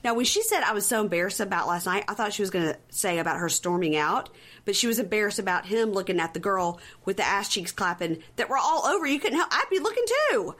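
A woman co-hosting a casual chat, retelling scenes with lots of animated quotes and profanity. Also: fast. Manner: animated storyteller who acts out quotes with big pitch jumps; profane, gossipy. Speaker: podcast co-host recapping a reality show.

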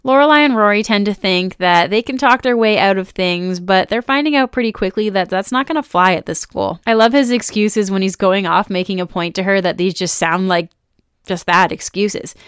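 A woman in her thirties hosting a casual episode recap, chatty and animated, with quick asides and frequent laughter. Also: medium pitch, clean tone, no echo, studio quality. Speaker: podcast host recapping a TV episode.

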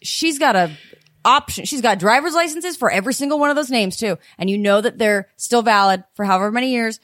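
A woman's voice: on the high side, a little fast, a bit bright, dry recording, studio quality. A woman co-hosting a true crime podcast, talking bluntly and with plenty of profanity. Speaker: podcast co-host.

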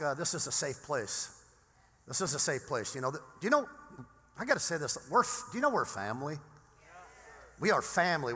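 A male pastor from Southern California preaching a sermon in a casual, animated way, with frequent restarts. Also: on the high side. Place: large church sanctuary. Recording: long reverb in a church hall.

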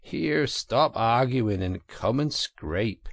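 A man voicing a brisk, kindly male water rat who is easily exasperated, speaking emphatically. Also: mid-range voice, sing-song, vocal fry, breathy edge, no room sound, heavily acted. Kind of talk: audiobook character reading.

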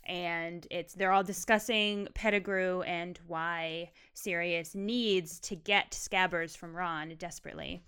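A woman co-hosting a casual book discussion podcast, animated and analytical. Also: on the low side, takes it slowly, few pauses, smooth. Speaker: podcast co-host. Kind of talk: casual discussion, reading excerpts.

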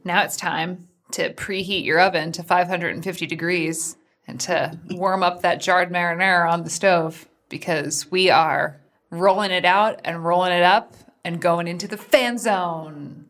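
Woman, podcast co-host. Chatty and reasoning things out, lower-pitched. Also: fairly even intonation, normal speed, fairly bright tone. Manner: chatty, argumentative in a friendly way. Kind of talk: casual chat.

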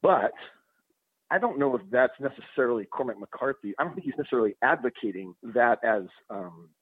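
A man's voice: medium pitch, animated, a little fast, slightly rough, no room sound. A man talking casually and thoughtfully about books, with frequent restarts and hesitations. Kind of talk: casual conversation. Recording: dry tinny phone-like sound.

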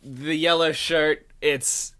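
A man's voice: a little high, steady tone, slow, fairly bright tone. A man co-hosting a podcast in casual chat, upbeat and steering the conversation. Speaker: podcast co-host.

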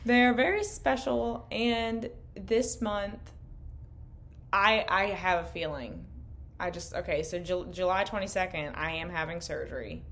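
Young woman, podcast co-host, lowish voice, candid rambling chat, swears freely, slightly worn voice. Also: unhurried, a bit bright. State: losing her voice. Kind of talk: casual late-night chat. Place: indoor room, in person.

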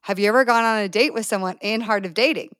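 A woman's voice: mid-range voice, a bit bright, no echo, studio quality. Bubbly woman hosting a podcast. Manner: bubbly, enthusiastic, quick cheers. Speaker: podcast host. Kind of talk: hosting a group podcast chat.

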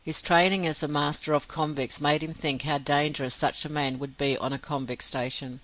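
A man narrating an audiobook in a steady, measured reading. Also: on the high side, no room sound, poor audio. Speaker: audiobook reader.

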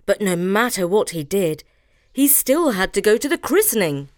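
A woman hosting a show, reading a children's story aloud in an expressive way. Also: mid-range voice, normal speed, dry recording, clean studio sound. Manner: expressive, animated. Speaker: host reading children's stories.

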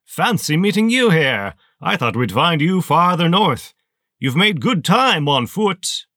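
A man putting on a towering armored villain colonel for a storybook, pitched well above his own voice and pushed loud. The voice grates like a rusty saw, coldly amused and mocking. Its timbre sits oddly apart from his normal voice. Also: sing-song, unhurried, no echo, heavily acted. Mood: commanding.

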